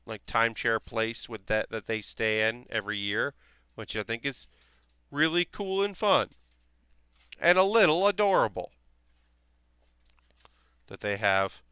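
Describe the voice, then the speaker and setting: A young man from South Carolina talks casually while he builds a model kit on a live stream, reassuring his viewers and thinking out loud. His voice is bright and very clear, caught close and dry on a desk mic. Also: lowish voice, no room sound. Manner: chatty, reassuring, thinks aloud with restarts.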